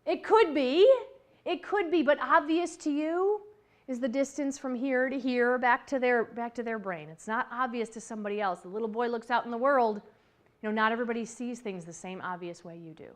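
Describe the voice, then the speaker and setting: A woman giving a motivational talk on workplace communication, chatty and lively, laughing easily and acting out the voices she quotes. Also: a little high, brisk.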